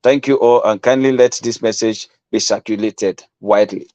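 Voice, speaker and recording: A man's voice: on the low side, steady tone, normal speed, darkish tone, dry recording, lo-fi sound. Emphatic Sierra Leonean man. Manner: emphatic, repeats phrases, breaks into Krio. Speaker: commentator. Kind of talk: reading and explaining a statement.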